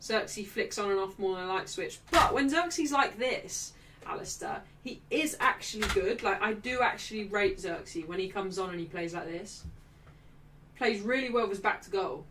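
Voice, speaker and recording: A young woman hosting a live football watchalong, excitably reacting to play and reading out viewers' chat messages. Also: mid-range voice, moderate pace, far from the mic, background noise.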